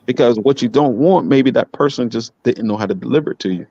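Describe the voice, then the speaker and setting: A man's voice: mid-range voice, quick pace, mellow, no echo, highs cut off. A man, an independent wrestler, talking as a guest in casual podcast chat, blunt and profane, rambling with lots of restarts.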